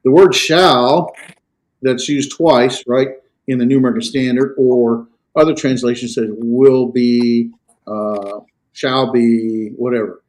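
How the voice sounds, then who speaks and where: A man teaching a Greek class, explaining grammar in a halting lecture with many fillers and restarts. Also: medium pitch, a little mellow. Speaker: Greek instructor.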